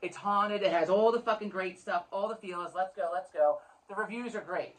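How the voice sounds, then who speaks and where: A woman's voice: mid-range voice, normal speed. A woman co-hosting a podcast, telling a long story in casual chat, frank and swearing freely with many restarts. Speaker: podcast co-host.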